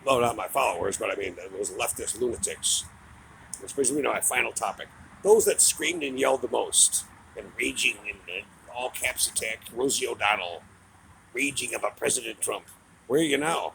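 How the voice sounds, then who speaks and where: Gravelly-voiced man in a profane rant. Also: medium pitch, animated, moderate pace, background noise. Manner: profane, heated, mocking. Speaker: political commentator. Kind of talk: angry political rant.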